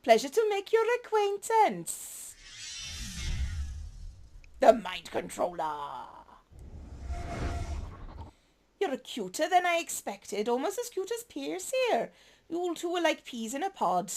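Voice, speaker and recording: A woman's voice: high-pitched, big pitch swings, unhurried, darkish tone, a little hiss or hum, pitched above the performer's own voice, exaggerated voice. A woman voicing a flirty, playful female secret agent with a put-on Welsh accent, teasing and coy.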